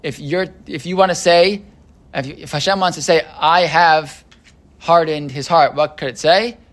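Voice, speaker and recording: A man's voice: on the high side, moderate pace, a bit bright. Man teaching a text class, thinking aloud. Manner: thinking aloud, many restarts and "right?" checks. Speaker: Torah teacher.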